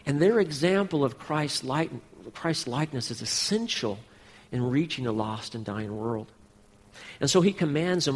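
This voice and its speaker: A man's voice: mid-range voice, expressive, moderate pace, husky, in a large hall. A man pastor preaching a sermon, speaking earnestly and directly to his congregation.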